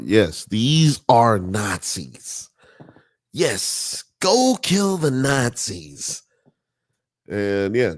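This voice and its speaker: Slow, low-voiced man riffing on a podcast. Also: no room sound, studio quality. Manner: profane, rambling, joking. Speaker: podcast host. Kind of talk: casual live-stream chat.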